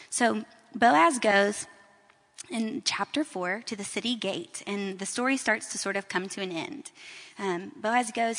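Woman Bible teacher, casual storytelling delivery, somewhat high voice, echoing hall. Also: fairly bright tone. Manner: casual, conversational storytelling with fillers.

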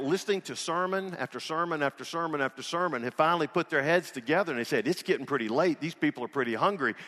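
A man's voice: a little high, fairly bright tone, in a large hall. A man preaching a sermon as pastor in a church, folksy and joking, retelling scripture in a casual voice. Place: church sanctuary.

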